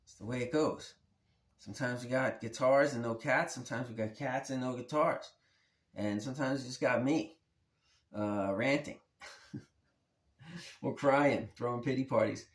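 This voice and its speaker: A man's voice: medium pitch, moderate pace, long pauses, roomy sound. A man hosting his own guitar channel, talking in a laid-back, rambling and slangy way. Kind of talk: rambling casual vlog.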